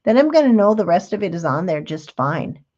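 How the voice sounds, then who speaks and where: A woman's voice: on the low side, big pitch swings, a little fast, darkish tone, highs cut off, a little hiss or hum. A middle-aged woman hosting a live craft demonstration, chatting in a homey, explanatory way. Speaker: craft show host.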